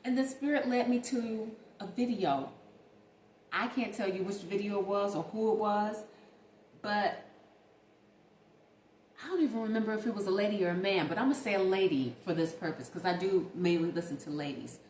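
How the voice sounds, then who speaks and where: A woman's voice: mid-range voice, normal speed. A young woman talking casually and animatedly straight to her viewers in a late-night vlog. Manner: chatty, animated, talks straight to viewers as "y'all". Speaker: vlogger. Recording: echoey room with faint ambient noise.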